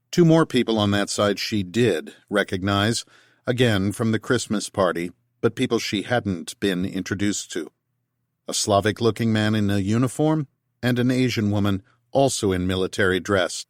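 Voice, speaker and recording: Man, audiobook narration, steady even reading, lowish voice, dry close sound. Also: no room sound.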